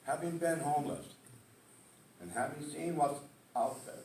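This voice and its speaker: A man's voice: a little high, moderate pace, a little mellow, far from the mic, a little hiss or hum. A man speaking emotionally at a community meeting, stressing points with a repeated "okay?". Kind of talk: public testimony at a meeting. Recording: echoey hall, picked up from afar.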